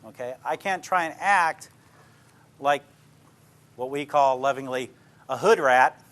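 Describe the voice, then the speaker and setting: The speaker is an older police detective addressing a live class in a casual, plainspoken way, full of anecdotes and frequent check-ins with listeners. He talks at a measured pace in a medium-pitched, slightly bright voice.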